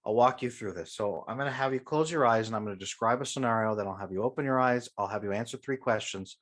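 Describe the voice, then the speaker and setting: Guesting on a conversational podcast interview, a coach confidently and emphatically guides the listener through an imagined scenario, often agreeing firmly. His voice is fairly low, fast and a bit bright.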